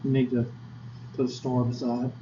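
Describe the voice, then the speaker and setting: A man's voice: mid-range voice, monotone, normal speed, background noise. A man teaching statistics in a classroom lecture, folksy and chatty, quizzing his students with asides. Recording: echoey lo-fi classroom recording.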